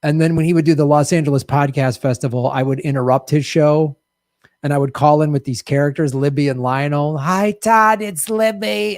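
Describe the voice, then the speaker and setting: A man hosting a podcast, reading viewer comments aloud and telling stories in an animated way. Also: medium pitch, no room sound, studio quality. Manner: animated storytelling. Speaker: podcast host.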